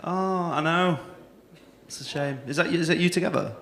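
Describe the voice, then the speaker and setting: A man's voice: fairly high pitch, normal speed, vocal fry, fairly bright tone. A male comedy compere, doing brash, teasing crowd work full of swearing at a stand-up gig. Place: comedy club stage. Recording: echoey club room.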